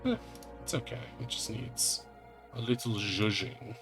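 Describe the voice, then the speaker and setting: A man's voice: medium pitch, unhurried. A man narrating as game master of a tabletop game, chatty and laughing as he goes, with music behind him.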